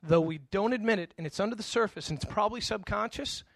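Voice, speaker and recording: A man's voice: high-pitched, fast, gravelly, a bit bright, dry recording. A middle-aged male pastor giving a conversational sermon, telling stories with animation and frequent stammered restarts.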